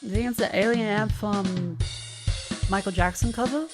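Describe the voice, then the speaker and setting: A woman's voice: mid-range voice, moderate pace. A woman streaming, chatting casually and playfully while playing a music guessing game, with the odd swear word.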